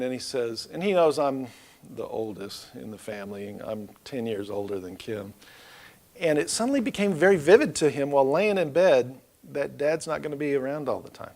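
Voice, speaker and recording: Middle-aged pastor guy, average pitch, chatty storytelling sermon, gets loud then goes quiet. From Oklahoma. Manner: loose, storytelling, rises and drops in loudness. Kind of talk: conversational sermon. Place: church.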